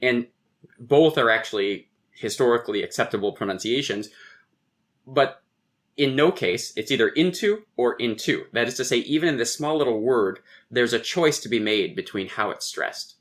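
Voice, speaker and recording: A man's voice: mid-range voice, normal speed, a bit bright. A man, a poet and guest on a podcast, explaining verse meter in conversation, tapping out rhythms aloud and reciting lines of poetry.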